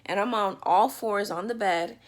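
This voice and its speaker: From her bedroom, a woman vlogger tells her birth story in a casual storytime video, speaking loosely and chattily with many fillers. Her voice is mid-range and her pace moderate.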